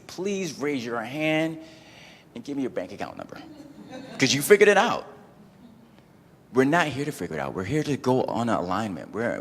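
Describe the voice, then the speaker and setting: Deep-voiced man telling a story in a hall. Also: slight background noise. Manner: animated, acts out his own inner voices; casual, peppered with "like" and "you know". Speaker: event speaker. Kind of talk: personal storytelling talk. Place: event venue.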